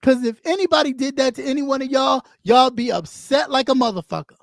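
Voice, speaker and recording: A woman's voice: sits high, brisk, vocal fry, no room sound, clean studio sound. A woman streamer delivering a blunt, mocking rant full of swearing. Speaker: YouTube streamer. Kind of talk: profane rant on camera.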